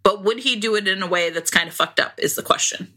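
A woman co-hosting a podcast in casual chat, laughing often and telling stories in an animated way. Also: mid-range voice, quick pace. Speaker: podcast co-host.

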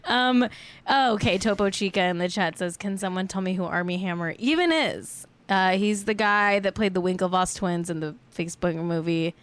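A woman's voice: medium pitch, normal speed, clear, resonant tone. A young woman hosting a podcast in casual chat, a little tipsy, rambling and giggly with lots of fillers. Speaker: podcast host.

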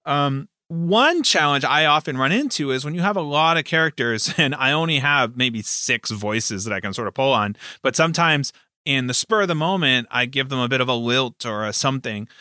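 A man's voice: medium pitch, lively intonation, moderate pace, sharp tone, smooth, no echo, clean studio sound. A man who runs tabletop games, chatting casually and rambling with lots of fillers. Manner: rambling, many fillers and restarts. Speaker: game master and podcast host. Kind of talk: casual chat.

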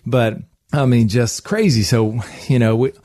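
A man hosting a radio show, telling a lively personal story with frequent laughs. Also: mid-range voice, a little slow, no room sound, clean studio sound.

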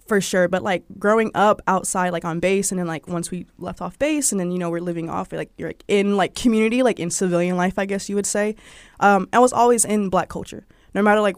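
A woman's voice: medium pitch, clear, resonant tone, dry recording, studio quality. A young woman from Georgia with a Southern accent, telling personal stories in a chatty interview with lots of "like" fillers. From Georgia, USA. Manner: chatty, frequent "like" fillers, animated quoted voices. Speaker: interview guest. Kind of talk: casual personal storytelling.

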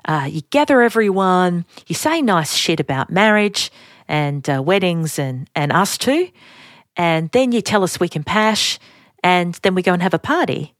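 A laid-back young Australian brother talks in a blunt, offhand way, as his sister retells it. His voice is mostly her own, a little low, with a close, dry sound. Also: expressive, measured pace, dry recording.

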